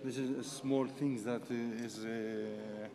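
A man explaining in halting, broken English, heard from a distance. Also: mid-range voice, steady tone. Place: busy church interior. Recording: distant phone audio in a crowd. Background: crowd of visitors.

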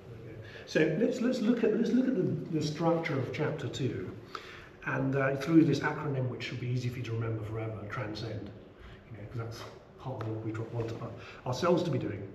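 A man's voice: medium pitch, animated, fairly quick, a little mellow. Chatty middle-aged man teaching scripture. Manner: chatty, many asides and "you know". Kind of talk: relaxed class discourse. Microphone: small action camera. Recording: roomy room, faint background hum.

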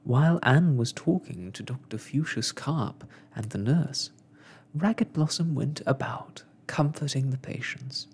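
Hushed, husky storyteller in whispered role-play. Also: mid-range voice, measured pace. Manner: soft, hushed reading.

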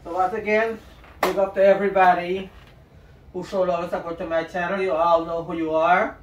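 A man with a high voice for a man talks to his viewers in a relaxed, chatty way while he cooks. He sounds set back from the mic in a roomy home kitchen, with faint frying sizzle behind him. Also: brisk, far from the mic, dull audio, a little hiss or hum. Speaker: cooking vlogger. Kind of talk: casual cooking demonstration.

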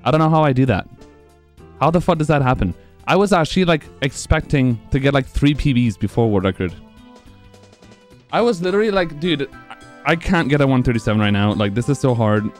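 A young man streaming live, excited and out of breath from laughing, swearing freely as he celebrates. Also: medium pitch, brisk, soft background music. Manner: excited, profane, laughing between lines. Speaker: speedrun streamer.

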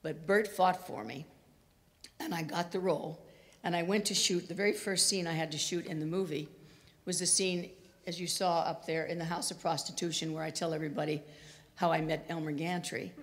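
A woman's voice: on the low side, steady tone, brisk. A woman in her eighties giving a chatty talk full of anecdotes, acting out the quoted lines of people in her stories. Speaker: guest speaker. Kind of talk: storytelling talk. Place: university lecture hall. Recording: reverberant hall.

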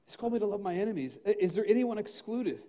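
A middle-aged man from the United States, a pastor telling a personal story in a spontaneous sermon, conversational and animated, laughing often and acting out his own thoughts. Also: high-pitched, quick pace.

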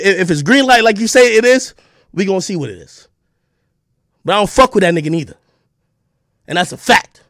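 A man streaming an angry, profane rant, confrontational and breaking into shouts. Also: high-pitched, no echo, studio quality.

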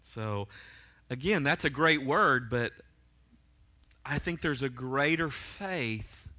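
A pastor delivers a fervent sermon in a church sanctuary, his bright, forceful voice sitting in a normal middle range with lively intonation. He keeps turning to the congregation with quick "right?" and "amen?" check-ins.

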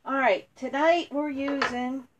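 A woman's voice: high-pitched, fairly even intonation, unhurried, lo-fi sound, noisy background. Chatty woman, furniture-painting vlog. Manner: chatty, lots of ums, talks to her dog. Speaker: furniture makeover vlogger. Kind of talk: casual how-to chat.

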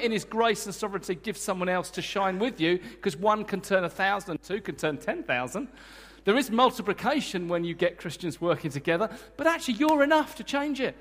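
Male preacher, lively and joking, high voice, long hall reverb. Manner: energetic, emphatic, joking with the congregation. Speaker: guest preacher. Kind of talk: sermon. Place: church hall.

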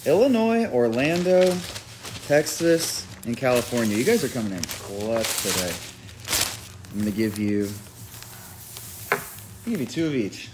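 A man's voice: medium pitch, lively intonation, a little slow, pauses often, background noise. Rambling casual man on a phone live stream. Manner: rambling, filler-heavy, reads out viewer names. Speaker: musician streaming a merch live.

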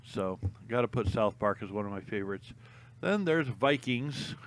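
A man's voice: fairly low pitch, lively intonation, moderate pace. A young man chatting casually to camera, rambling with lots of ums and uhs and frequent laughs. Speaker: vlogger.

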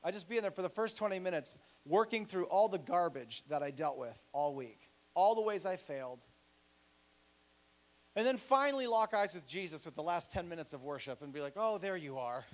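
A male pastor preaching a sermon in a church, animated and joking, acting out the voices he quotes. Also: high-pitched, a little fast.

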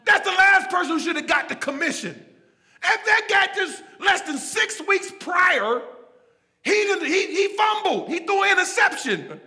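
A man preaching a sermon in a church, animated and folksy, calling out to the congregation and swinging between shouts and low asides. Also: unhurried, in a large hall. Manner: casual, folksy phrasing. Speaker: pastor. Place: church sanctuary.

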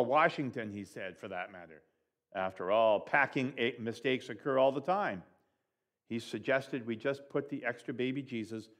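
Man, church storyteller, reading aloud, expressive, swings in pitch and volume.

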